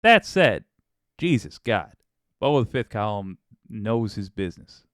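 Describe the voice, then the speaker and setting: Chatty low-voiced male host, smooth and dry. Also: very animated, measured pace, a bit bright, dry recording. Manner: rambling, self-interrupting, chuckling asides. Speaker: show host. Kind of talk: casual live-stream political commentary.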